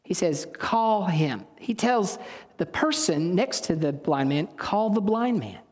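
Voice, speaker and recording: A pastor preaches in a relaxed, storytelling style, frequently stopping to correct himself. His voice is high-pitched and animated, and he takes his time. The recording carries the long reverb of a hall.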